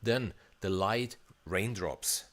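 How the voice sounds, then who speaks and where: A man with a fairly low, fairly bright voice speaks slowly as he live-streams a walkthrough of a sample library as a composer. He's chatty and enthusiastic, restarting often, while faint instrument demos play behind him.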